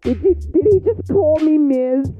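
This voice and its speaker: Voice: high voice, unhurried, dull audio, soft background music. A performer improvising a fussy, nagging middle-aged mother who scolds her son in a comedy skit. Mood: scolding.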